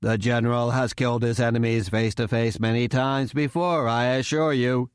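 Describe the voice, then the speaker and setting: A man voicing a loyal armored soldier who speaks calmly and assuredly. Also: medium pitch, moderate pace, dry recording, clean studio sound, lightly acted. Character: armored male soldier with synthesized voice, loyal, calm.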